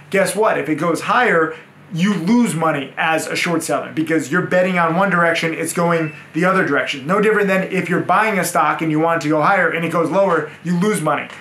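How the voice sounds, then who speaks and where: A man's voice: high-pitched, pushed and bright, echoey room, a little hiss or hum. A man teaching trading to a room of people, emphatic and repeating words for stress. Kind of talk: lecture-style talk to a room. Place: room with a live audience.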